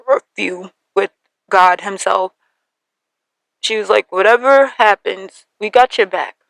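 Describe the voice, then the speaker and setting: A young woman hosting a podcast, telling a personal story in an animated way and acting out the voices of her family. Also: medium pitch, gravelly, no room sound, poor audio. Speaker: podcast host.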